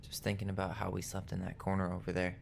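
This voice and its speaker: A man's voice: deep voice, completely flat delivery, fast talker, vocal fry. An actor playing a blunt, protective young man in a game, talking frankly and cursing freely. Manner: frank, casual, curses freely. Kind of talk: game dialogue. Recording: game audio under loud noise.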